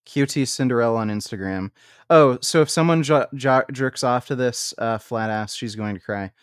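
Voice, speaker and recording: A man's voice: mid-range voice, clear, resonant tone, dry recording, studio quality. Man ranting scornfully on stream. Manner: blunt, profane, scornful; halting restarts when worked up. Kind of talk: reaction stream rant.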